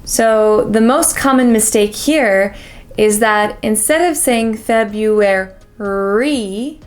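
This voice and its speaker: A woman with an American accent teaching pronunciation as a coach, drilling each word slowly and carefully with many repeats. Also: fairly high pitch. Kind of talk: pronunciation lesson.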